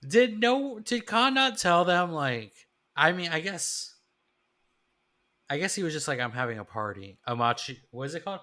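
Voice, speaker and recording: A man co-hosting a podcast, telling stories in chatty, animated casual conversation. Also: sits high, normal speed. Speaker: podcast co-host. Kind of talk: casual chat.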